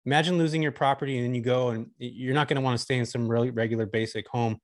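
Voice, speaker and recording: Fast-talking enthusiastic man, dry sound. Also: mid-range voice, steady tone, no room sound. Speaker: guest, short-term rental host. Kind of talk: casual podcast chat.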